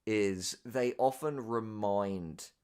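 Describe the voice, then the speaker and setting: A man narrating a video essay in a measured, reflective way with occasional fillers. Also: fairly low pitch, a little mellow, clean tone.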